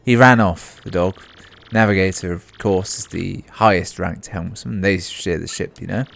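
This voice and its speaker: A man's voice: sits low, normal speed, gravelly, a bit bright. A man voicing a pompous, vain, rich ship owner who talks in a grand, boastful, theatrical way. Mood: fussy.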